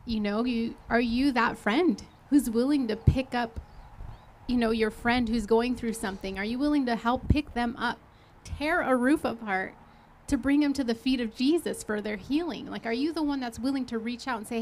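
A woman's voice: fairly high pitch, brisk, a little hiss or hum. A woman joining a sermon who earnestly asks the listeners question after question. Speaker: co-preacher. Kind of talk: sermon exhortation.

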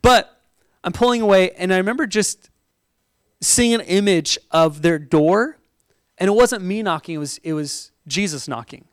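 Young man, youth-style preacher, animated and talky, bright high voice, dry close sound. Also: moderate pace, clear, resonant tone, no room sound, poor audio. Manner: animated, chatty storytelling with frequent "like" and laughter. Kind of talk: sermon with personal storytelling.

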